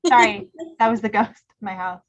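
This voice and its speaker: A woman's voice: mid-range voice, fairly even intonation, normal speed, a crowd in the background, low-quality recording. A woman joining a live stream, chatting casually, teasing and laughing often. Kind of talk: casual chat.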